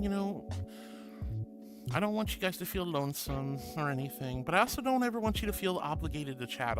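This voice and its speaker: A man streaming as a VTuber, chatting casually and affectionately while reading viewer messages aloud. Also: on the high side. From Florida. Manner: gushing and affectionate, calls viewers sweetie. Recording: music playing behind the voice.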